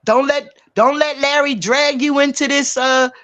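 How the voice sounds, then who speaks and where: A woman's voice: high-pitched, steady tone, unhurried, sharp tone. A woman speaking bluntly and emphatically on a livestream panel, repeating her points for effect. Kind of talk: heated livestream chat.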